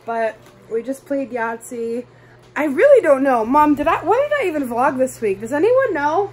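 A woman's voice: high voice, sing-song, normal speed, poor audio. A young woman in her twenties vlogging casually from a family vacation, chatty and giggly, with many "like"s. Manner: chatty, giggly, says "like" often. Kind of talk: casual vlog chat. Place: outdoors at a beach and indoors at a vacation home. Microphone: handheld vlogging camera.

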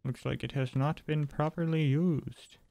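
A man's voice: on the high side, fairly even intonation, a little slow, vocal fry, warm tone. A man giving let's play commentary on a horror game, talking to himself, jumpy and wry as he explores. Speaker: gaming channel host.

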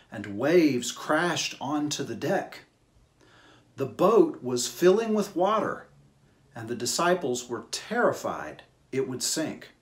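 A man leading a church service, announcing a hymn and reading a children's Bible story in a slow, gentle storytelling manner. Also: medium pitch.

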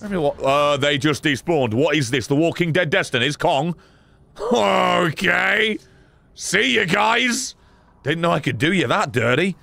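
A man streams a game and talks back to it with sarcasm and plenty of swearing. His voice is gravelly and a little high, and it leaps around in pitch as he reacts. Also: animated, slow pace, pauses often, pushed and bright, slight background noise. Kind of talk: live gameplay commentary.

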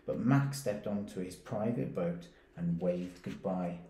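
A man, a primary school teacher reading a picture book aloud and stopping to ask his pupils gentle questions. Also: sits low. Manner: gentle, questioning, reads slowly and pauses to ask. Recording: roomy echoey recording.

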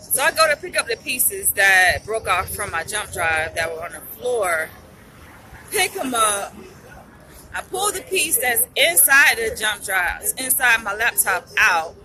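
A woman's voice: mid-range voice, very animated, unhurried, over music, low-quality recording. A young woman, venting in a casual vlog. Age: young adult. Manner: upset, venting, says y'all a lot. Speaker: vlogger.

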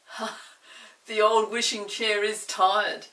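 A woman's voice: medium pitch, flat delivery, takes it slowly, pushed and bright, roomy sound, recorded from a distance, low-quality recording. An older woman voicing a cheeky, cheerful pixie boy in a storybook reading. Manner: cheeky and teasing.

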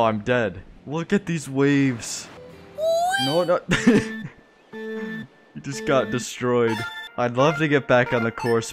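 Young man, gaming commentary, laughs a lot, bursts of surprise, slow-paced talk. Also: medium pitch. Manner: excitable, laughs often, shouts in surprise. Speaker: gaming YouTuber. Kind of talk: game commentary.

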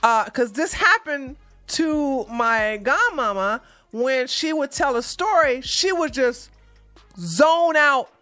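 Lively high-voiced woman vlogger. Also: slow pace, faint music behind. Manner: animated, laughs often, chatty. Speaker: news commentary vlogger. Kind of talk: casual reaction commentary.

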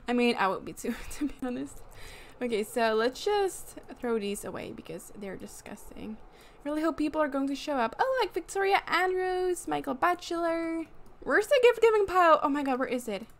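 A woman casually commenting on her gameplay, excitable and giggly, exclaiming often. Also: sits high. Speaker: gaming YouTuber. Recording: fan noise in the background.

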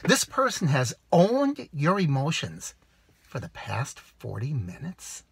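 A man's voice: medium pitch, huge pitch swings, takes it slowly, gravelly, slightly rough, no echo. A man vlogging about rideshare driving outdoors, giving earnest, preachy advice to camera with rhetorical questions. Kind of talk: casual advice monologue to camera.

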